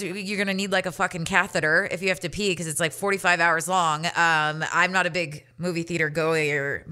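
A woman's voice: medium pitch, sharp tone. A woman hosting a solo podcast, nasal and stuffy from allergies, ranting in a profane, sarcastic, rambling way. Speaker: podcast host.

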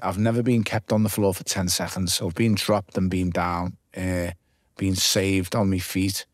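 Guest: low-voiced man with a Liverpool accent, vivid swearing storyteller, dry close sound. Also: level tone, measured pace, no room sound. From Liverpool, England. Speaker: guest, former boxer. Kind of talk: casual podcast interview.

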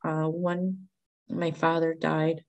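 Middle-aged woman guest, slightly low voice, open and expressive, acts out the voices in her story. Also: slow, lo-fi sound. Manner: candid and expressive, acts out quoted speech. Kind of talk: personal storytelling in conversation.

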